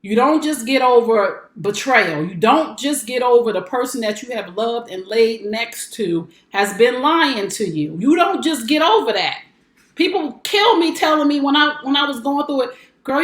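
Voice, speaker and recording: Woman, 40s, life coach hosting her show; higher voice, emphatic and preachy, roomy echo. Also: fairly bright tone. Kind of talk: motivational broadcast talk.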